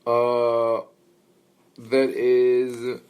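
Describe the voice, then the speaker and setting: Male rabbi giving a study lecture; reflective and explanatory, medium pitch, hesitant and conversational. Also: completely flat delivery, extremely slow, a little mellow, clear, resonant tone. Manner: thoughtful, explanatory, many fillers and restarts; engages listeners with questions. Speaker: rabbi teaching a class.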